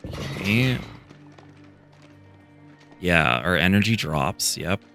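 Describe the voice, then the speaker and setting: A man with a deep, low voice talks slowly through a game, reading the story out and reacting to it. His casual remarks come over faint background music. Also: expressive, vocal fry, bright, forceful tone. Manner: reacting casually, thinking aloud. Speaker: gamer. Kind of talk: gameplay commentary and reading game text.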